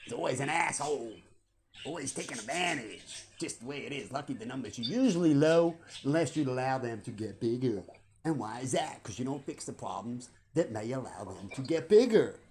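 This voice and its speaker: A man's voice: medium pitch, expressive, a little fast, darkish tone, a little hiss or hum. A man, rambling through a casual vlog monologue full of rhetorical questions. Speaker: vlogger.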